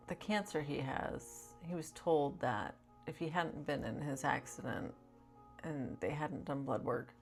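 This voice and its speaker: A woman with a deep voice and a gravelly, fry-edged tone talks casually to her camera. She rambles from thought to thought and fills her sentences with "like". Faint music plays behind her. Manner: rambling, chatty, many "like" fillers. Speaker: vlogger.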